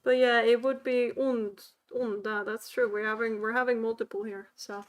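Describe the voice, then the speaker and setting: A woman's voice: a little high, steady tone. A woman, chatty and giggly, teaching a casual streamed language lesson as a VTuber. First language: Swedish. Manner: chatty and giggly, quick to laugh at her own jokes.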